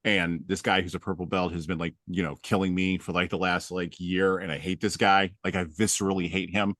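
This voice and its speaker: A man's voice: sits low, level tone, fairly quick, a bit bright, no echo, clean studio sound. A man hosting a podcast, chatting casually and telling humorous stories with self-deprecating jokes. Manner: humorous storytelling. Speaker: podcast host. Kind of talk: casual conversation.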